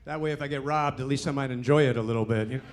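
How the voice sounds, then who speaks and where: A man's voice: mid-range voice, racing, a little hiss or hum. A man in his sixties doing a stand-up comedy set in a club, delivering punchy jokes with lots of "you know" tags. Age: 60s.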